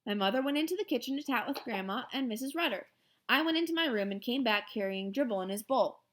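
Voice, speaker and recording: A woman reading a children's novel aloud in an expressive storytelling manner. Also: fairly high pitch, quick pace. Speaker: reader.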